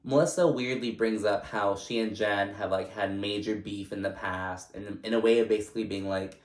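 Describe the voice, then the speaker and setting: A man's voice: lowish voice, fairly even intonation, moderate pace, hardly any pauses. A man hosting a casual recap vlog, chatty and loose, full of fillers and casual swearing. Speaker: recap vlogger. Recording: echoey room.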